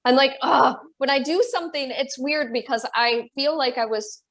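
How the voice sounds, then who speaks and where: A woman's voice: high-pitched, normal speed, a bit bright. A woman with a Michigan accent co-hosting a spiritual podcast, talking bluntly and swearing freely in casual chat. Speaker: podcast co-host, medium.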